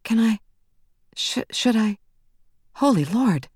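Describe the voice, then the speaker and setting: A woman voicing an aging, nervous male delivery man who squeaks and whispers in a fluster. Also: lively intonation, slow, darkish tone, breathy edge, no echo, clean studio sound, exaggerated voice.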